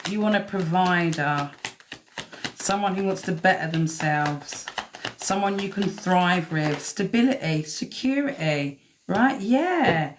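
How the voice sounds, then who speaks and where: Woman, live tarot reader; chatty, blunt, swears at the cards, lowish voice. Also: lively intonation, takes it slowly, noisy background. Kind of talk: live-stream tarot reading.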